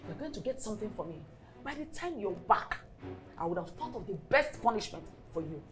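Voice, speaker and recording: A woman's voice: medium pitch, big pitch swings, a little fast, close to an everyday voice. A woman with a Nigerian accent playing a domineering stepmother who scolds and gives orders. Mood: scolding. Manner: scolding, commanding. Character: harsh domineering stepmother, middle-aged.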